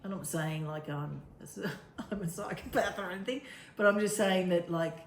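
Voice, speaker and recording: A woman co-hosting a relaxed talk, her voice sitting slightly low. She rambles warmly through her thoughts and laughs easily. The recording is roomy with a faint hiss. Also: moderate pace. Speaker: co-host. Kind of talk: casual chat. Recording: echoey room with faint noise.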